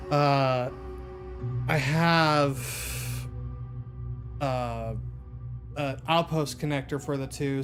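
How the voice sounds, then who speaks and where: Casting: slow-talking male streamer, halting and rambling, faint music behind. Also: mid-range voice. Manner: rambling, halting, many fillers and restarts. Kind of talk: casual gaming chat.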